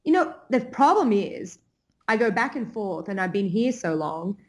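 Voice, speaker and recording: A woman's voice: medium pitch, big pitch swings, moderate pace. A young adult woman from Australia with a partly Americanized Australian accent, chatting as a podcast guest and laughing often. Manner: giggly, laughs often between phrases. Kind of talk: casual chat.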